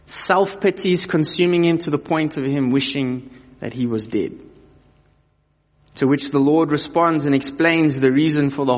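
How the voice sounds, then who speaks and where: A man preaching a sermon, reading scripture and then talking to the listeners in a conversational way, asking them direct questions. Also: on the high side. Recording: long hall reverb.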